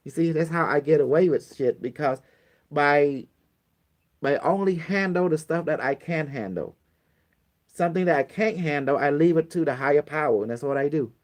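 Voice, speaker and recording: A man giving a casual spiritual lesson to a small group, blunt and repetitive, swearing freely and acting out pleading prayers. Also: a little high. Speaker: spiritual teacher.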